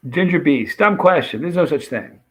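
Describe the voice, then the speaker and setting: A man's voice: on the high side, expressive, normal speed, a bit bright, breathy edge. A man hosting a late-night livestream, casually chatting and thanking viewers by name as he reads their comments. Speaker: livestream host. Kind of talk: casual live chat reading comments.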